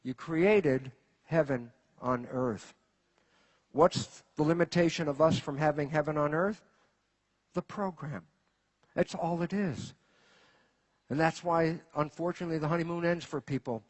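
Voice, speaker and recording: A man giving a lecture to a live audience, animated and throwing rhetorical questions at the listeners. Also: fairly high pitch, measured pace, pauses often. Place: in front of an audience.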